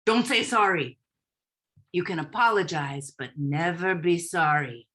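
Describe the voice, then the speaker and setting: A woman voicing a chatty, touchy pug dog in a staged play reading, quick to take offense and eager to help. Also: lowish voice, a bit bright. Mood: indignant.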